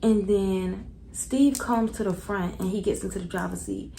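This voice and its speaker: A young woman tells a storytime in a casual, slangy way and speaks right to her viewers. Her voice sits at a middling pitch with plenty of gravelly fry. There is a faint room hum behind her. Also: moderate pace, rough recording. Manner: animated, slangy, talks straight to viewers. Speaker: vlogger.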